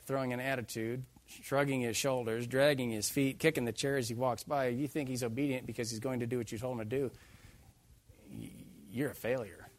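A man preaching a sermon, emphatic and animated, joking with his listeners. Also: medium pitch, no room sound. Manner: emphatic, animated, jokes with the congregation.

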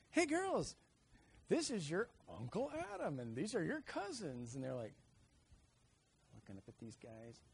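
A middle-aged man preaching a sermon, telling family stories and acting out children's cries with lively energy. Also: fairly low pitch, breathy edge. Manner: animated storyteller, acts out kids' shouts.

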